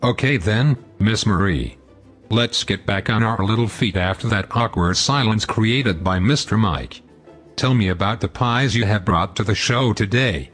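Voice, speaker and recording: A man's voice: lowish voice, unhurried, a bit bright, breathy edge, soft background music. A man hosting a scripted comedy show, pompous, long-winded and sarcastic. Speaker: host.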